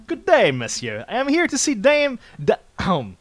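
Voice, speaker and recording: A man voicing a polite male lawyer in a game playthrough, formal, measured and courteous. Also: very high voice, wildly swooping pitch, soft background music, pitched above the performer's own voice, exaggerated voice.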